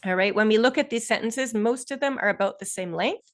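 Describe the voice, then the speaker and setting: A woman's voice: a little high, brisk. A woman teaching a live online speaking lesson over a video call, explaining step by step and encouraging her students. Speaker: test prep instructor.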